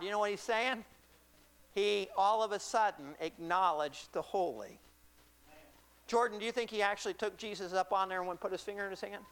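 Gravelly, high-voiced animated male preacher. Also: moderate pace. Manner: animated, acts out Bible scenes, swings from loud to hushed. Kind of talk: sermon.

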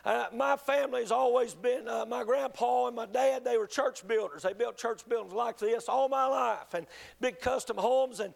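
A man preaching a sermon, telling a testimony in an earnest, halting way with many restarts. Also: extremely high pitch, gravelly. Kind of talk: sermon storytelling.

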